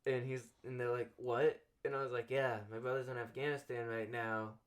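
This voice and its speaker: A man's voice: mid-range voice, little pitch movement, a little fast. A young man hosting a casual podcast, telling a long school anecdote with lots of fillers and acted-out dialogue. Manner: rambling anecdote full of "like" fillers, acting out quoted dialogue. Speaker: podcast host. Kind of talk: casual storytelling chat.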